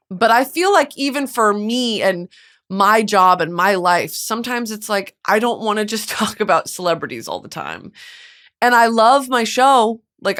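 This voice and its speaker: Woman in her twenties, podcast host, burnt out, earnest, emotional, swearing, lots of fillers, mid-pitched voice. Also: fairly bright tone. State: burnt out, close to tears. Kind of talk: candid solo podcast monologue.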